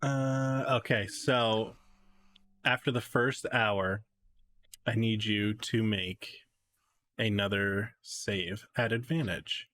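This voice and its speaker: Casting: low-pitched man, game master narrating a tabletop game, easygoing and hesitant. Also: takes it slowly. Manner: relaxed, hesitant narration with fillers.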